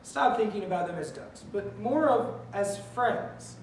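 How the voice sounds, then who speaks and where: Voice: mid-range voice, animated, a little slow, a little mellow. Young adult, earnest prepared speech, pool staff talk, distant mic, echoey room. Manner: earnest, tells a joke then urges the listeners. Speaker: speaker addressing pool staff. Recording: echoey room, from far off, faint noise.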